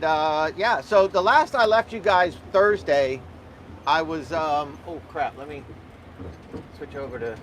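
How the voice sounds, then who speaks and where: A man chats in a rambling, joking way from the cab of his truck. His voice sits a touch high, and the talk wanders with fillers. A faint engine rumble runs under it all. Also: fairly bright tone. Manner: rambling, jokey, easygoing, thinks aloud with fillers. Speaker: dump truck driver vlogger. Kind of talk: casual live vlog while driving. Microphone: small camera or phone mic in the cab.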